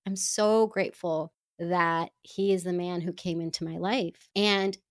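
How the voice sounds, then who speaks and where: A woman telling a personal story to women listeners in an earnest, heartfelt and expressive way. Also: on the low side, a little slow, dry recording, studio quality. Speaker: speaker addressing women listeners.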